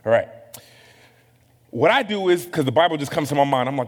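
A man's voice: a little high, a little fast. Conversational man preaching in a hall. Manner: conversational, self-deprecating, animated asides. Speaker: pastor. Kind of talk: sermon.

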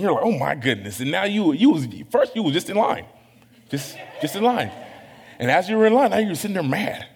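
Male pastor, easygoing conversational sermon, a touch high, long hall reverb. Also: fairly quick, slightly rough. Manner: conversational, self-deprecating, animated asides.

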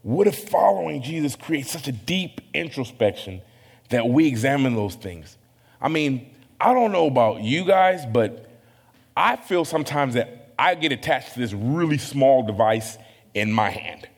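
A man's voice: mid-range voice, a little slow, vocal fry. Conversational man preaching in a hall. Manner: conversational, self-deprecating, animated asides. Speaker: pastor. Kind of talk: sermon.

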